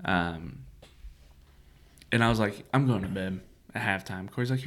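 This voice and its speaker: A man's voice: fairly low pitch, moderate pace, pauses often. A man co-hosting a church podcast, chatting casually and laughing often. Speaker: podcast co-host. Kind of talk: casual chat.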